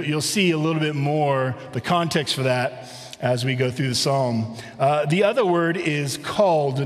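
A middle-aged man delivers a sermon in a relaxed, conversational way, slowing down to read scripture aloud. His voice sits a little high for a man. It rings out in a church with a long echo. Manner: conversational preaching, rhetorical questions, reads scripture slowly. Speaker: pastor. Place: church sanctuary.

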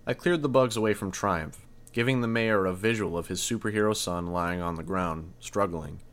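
Guy reading a story aloud, very deep voice, tense and measured. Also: fairly bright tone. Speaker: audiobook narrator. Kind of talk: first-person story narration.

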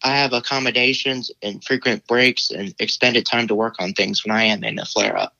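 A man's voice: fairly low pitch, fairly even intonation, moderate pace, vocal fry, pushed and bright, no echo, lo-fi sound. A teenage boy answering interview questions casually, hesitant and full of fillers. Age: teens. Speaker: guest.

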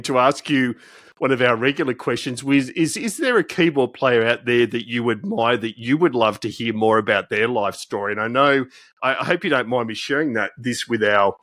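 A man's voice: medium pitch, fairly bright tone, no room sound. A man hosting an interview show, laughing and asking questions with some hesitation. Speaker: podcast host. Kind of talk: casual interview.

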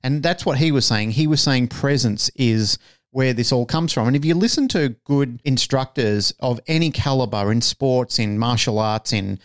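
A man's voice: medium pitch, normal speed. A man co-hosting a podcast, telling a story casually and animatedly, swearing freely and acting out the lines he quotes. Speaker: podcast co-host.

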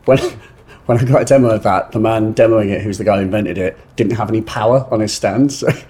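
A man hosting a casual interview, chatty and quick to agree. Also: fairly low pitch, warm tone. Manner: chatty, with brief backchannel agreement. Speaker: host.

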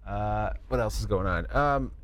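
A man's voice: on the low side, measured pace, no room sound. A man hosting a podcast in casual chat, laughing often, rambling through news with fillers and swearing. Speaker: podcast host.

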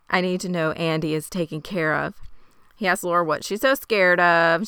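A woman's voice: on the low side, steady tone, a little fast, a bit bright, smooth, no echo, studio quality. A woman co-hosting a podcast, recapping from her notes in a wry, casual way. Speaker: podcast co-host.

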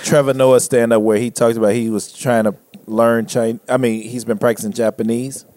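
A man in a casual chat, retelling a comedy bit in a lively way and laughing through it. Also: medium pitch, moderate pace, no echo.

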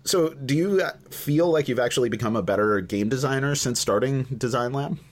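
A man's voice: medium pitch, brisk. A man interviewing a guest in casual conversation, enthusiastic and encouraging, with lots of fillers. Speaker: podcast interviewer.

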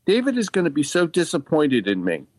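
A man voicing a gentle, earnest pet dog. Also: on the high side, huge pitch swings, a little fast, breathy edge, no echo, exaggerated voice. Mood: wistful. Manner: earnest, childlike first-person telling. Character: gentle male pet dog narrating a Christmas tale. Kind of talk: storytelling narration.

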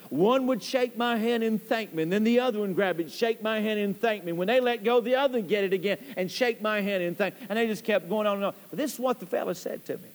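A male pastor, preaching a storytelling sermon in a church and swinging between hushed and loud passages. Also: sits high. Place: church sanctuary. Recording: church hall with long reverb.

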